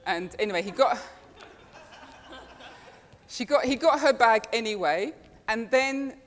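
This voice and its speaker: A woman's voice: fairly high pitch, animated, measured pace, in a large hall. A woman preaching a sermon, telling chatty personal stories and laughing often. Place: church.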